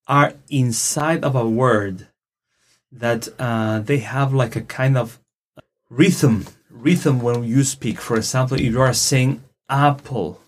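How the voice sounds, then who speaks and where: Man patiently teaching phrases. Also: medium pitch. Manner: patient, repeats words slowly for learners. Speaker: Spanish teacher. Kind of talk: casual language lesson.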